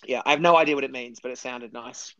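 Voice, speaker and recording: A man's voice: mid-range voice, steady tone, quick pace, sharp tone, highs cut off, slight background noise. A man talking enthusiastically as a guest in a casual interview, rambling a little with restarts. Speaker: podcast guest.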